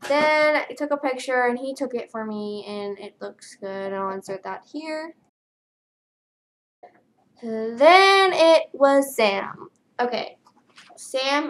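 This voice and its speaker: Tired young woman rambling casually. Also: on the high side. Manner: tired, flat delivery with many fillers. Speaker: vlogger. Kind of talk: casual storytelling vlog.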